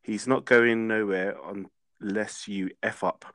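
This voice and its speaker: A man's voice: lowish voice, steady tone, slow pace, a bit bright, no echo. A man appearing as a podcast guest, evasive and dry with short answers. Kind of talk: casual podcast chat.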